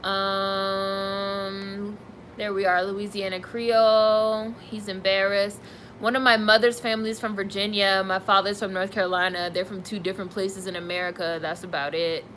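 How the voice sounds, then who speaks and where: Young woman on a live stream, sassy and candid, bright voice, faint room hum behind her. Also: mid-range voice, little pitch movement, moderate pace, low-quality recording. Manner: candid, sassy, reacting to chat with laughs and asides. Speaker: streamer reading viewer comments. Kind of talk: casual live-stream chat.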